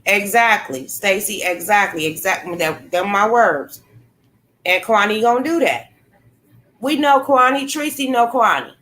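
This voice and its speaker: A woman hosting a casual livestream, talking bluntly to her chat viewers, swearing freely and reacting with animated commentary. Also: medium pitch, measured pace. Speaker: livestream host. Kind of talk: casual live-stream commentary.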